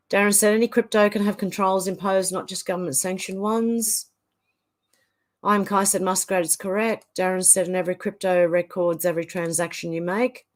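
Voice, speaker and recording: An Australian woman hosting a livestream, chatting casually and reading viewer comments aloud. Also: fairly low pitch. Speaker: livestream host reading chat. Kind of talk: casual chat.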